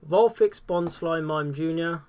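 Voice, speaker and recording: A young man, commentating on a live game stream, casual and excitable and swearing freely. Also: on the high side, measured pace.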